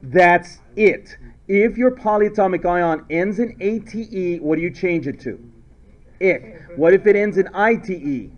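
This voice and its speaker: A male chemistry teacher lecturing a class in a playful way, now and then shouting silly memory phrases. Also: sits high, measured pace. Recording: dull lo-fi classroom recording.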